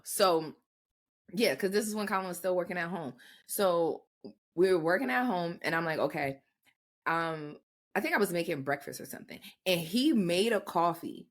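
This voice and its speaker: A young woman co-hosting a podcast, telling stories in a casual, profane way and acting out what people said. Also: fairly low pitch. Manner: animated storytelling with acted-out quotes, profane. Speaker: podcast co-host. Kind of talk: casual chat.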